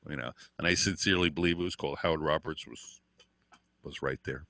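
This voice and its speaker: A man's voice: extremely low pitch, brisk, gravelly, bright, forceful tone. An older man, a guitar teacher, telling rambling anecdotes with lots of fillers and the odd swear word. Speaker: interview guest, guitar teacher. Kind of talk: casual storytelling.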